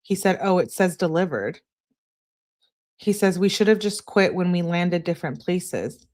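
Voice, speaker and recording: A woman's voice: on the low side, expressive, unhurried, a little mellow. A woman hosting a true crime channel, reading text messages aloud in a plain way and spelling out abbreviations letter by letter.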